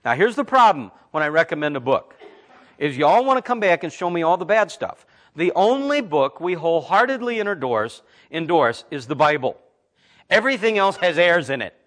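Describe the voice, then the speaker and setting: A man in his fifties, a Christian talk host, telling stories and preaching in a blunt, emphatic, animated way. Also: a little high, moderate pace. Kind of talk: conversational preaching with storytelling.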